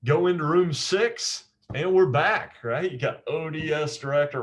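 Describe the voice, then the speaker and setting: A man's voice: fairly high pitch, a little slow. A man, a naval officer, teaching a memory technique in an informal, conversational way, often repeating phrases and checking in with "right?".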